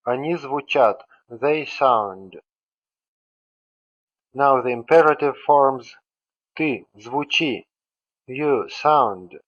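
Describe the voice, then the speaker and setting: A man with a medium-pitched, slightly bright voice teaches a grammar lesson on audio with the highs cut off. As a language teacher he proceeds slowly and methodically, pronouncing each form before its translation.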